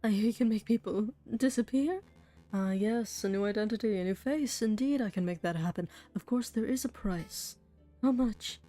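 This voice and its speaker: Brief: sly fox lawyer, smooth and wheedling, mellow tone, faint music behind, played by a woman. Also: mid-range voice, normal speed, lightly acted. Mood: scheming. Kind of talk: game voice acting.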